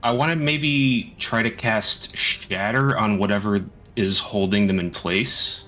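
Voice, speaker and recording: A man's voice: on the low side, unhurried, a bit bright, soft background music. A man playing a tabletop game, thinking aloud and hesitating as he plans his moves. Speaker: player.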